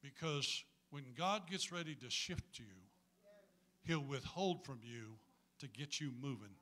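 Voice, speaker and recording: A man's voice: medium pitch, animated, a little slow, sharp tone. A man preaching a sermon to a congregation in a folksy, humorous way, calling on them to answer back.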